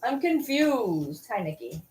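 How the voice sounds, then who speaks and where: A woman's voice: a little high, big pitch swings, takes it slowly, a little mellow, slight background noise. Woman cooing baby talk at her dogs. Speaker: livestreamer. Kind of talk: casual livestream chat. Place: at home with dogs on her lap.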